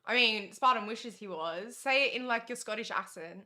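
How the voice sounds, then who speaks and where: A young woman talks in a bright voice set a little higher than most. She chats playfully with her co-host on a casual live stream and often breaks into laughter. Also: moderate pace. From Australia.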